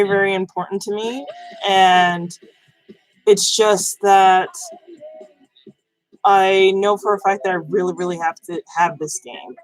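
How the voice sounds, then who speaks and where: A woman's voice: medium pitch, dry recording, low-quality recording. A woman chatting casually about video games on her vlog, rambling with many fillers and restarts. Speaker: gaming news vlogger. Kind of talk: casual chat.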